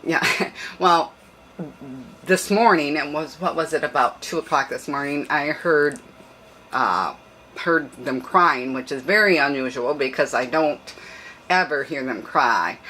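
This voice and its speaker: An older woman breeder chatting casually and rambling about her puppies, now and then cooing to them in high baby talk. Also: measured pace, sharp tone, slight background noise. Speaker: dog breeder. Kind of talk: casual puppy update vlog.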